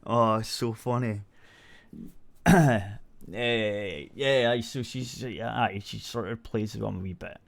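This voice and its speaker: On an internet radio show, a Scottish man tells a story in loose, rambling, casual chat, swearing freely and frequently restarting his sentences. His low, gravelly voice is a bit bright and steady, moving slowly with frequent pauses.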